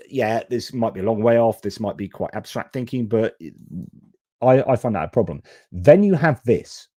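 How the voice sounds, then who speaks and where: A man's voice: on the low side, warm tone, slightly rough, dry recording, studio quality. A man hosting a live-stream news commentary, frank and exasperated, with casual swearing. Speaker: host.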